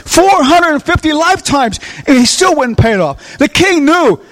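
A man preaching a sermon, asking the congregation questions and swinging between loud outbursts and hushed lines. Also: very high voice, sing-song, moderate pace.

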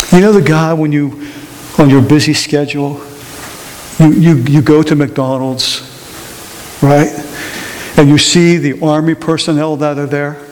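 A fairly high-voiced man preaches to his congregation, telling a story with lively swings between quick asides and slow, weighted lines. His voice rings through a large church with a long tail of reverb and a faint hiss underneath. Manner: animated, rises and slows for emphasis, asks the congregation questions. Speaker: pastor. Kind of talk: sermon storytelling.

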